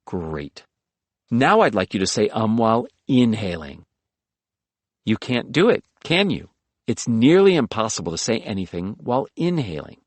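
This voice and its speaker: A man's voice: medium pitch, slightly rough, no room sound. A man reading a self-help audiobook, coaching the listener through speaking exercises in an instructive tone. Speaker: audiobook narrator. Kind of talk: scripted audiobook narration.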